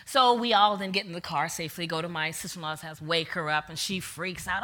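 Brief: woman minister, sermon, bright voice, lively storytelling and quiet, hushed preaching. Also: fairly low pitch. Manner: animated storyteller, slowing to soft hushed preaching.

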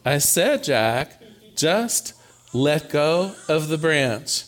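A man voicing God in a joke, speaking slowly and soothingly in a lowered voice. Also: very animated, fairly bright tone, full character voice. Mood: calm. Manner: slow, soothing, deliberate. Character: calm, patient voice of God.

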